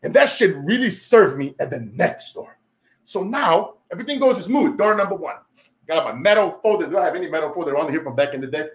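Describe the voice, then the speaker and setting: A man's voice: a little high, a little fast. A man from Brazil with a Brazilian Portuguese accent, hosting his own show and telling a motivational story with emphatic energy and frequent laughs. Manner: animated, laughing often, emphatic. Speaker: show host.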